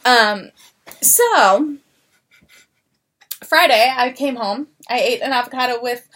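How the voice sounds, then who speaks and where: A young woman co-hosting a casual podcast, her voice sitting a bit high. She chats loosely and tells stories, slipping into other people's voices when she quotes them. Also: takes it slowly, a bit bright. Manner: chatty storyteller, acts out coworkers' lines. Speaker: podcast co-host. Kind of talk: casual chat.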